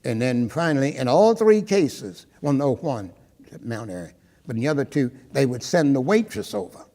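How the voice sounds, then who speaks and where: A man's voice: mid-range voice, very animated, moderate pace, warm tone, big-room sound. An older man from Maryland, an interviewee recounting his personal history, who tells his story and often acts out the dialogue he remembers.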